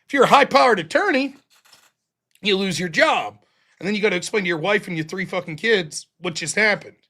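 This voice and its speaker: He's an American show host in his forties with a high-pitched, sharp voice, lively intonation, and a slightly fast delivery. Through a laid-back storytelling monologue he gets rowdy and profane, acting out the quoted voices of his characters.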